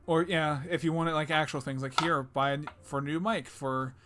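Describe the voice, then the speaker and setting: A man's voice: fairly high pitch, steady tone, moderate pace, background noise. A young man co-hosting a podcast in loose, jokey casual chat, swearing freely and slipping into silly voices. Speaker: podcast co-host.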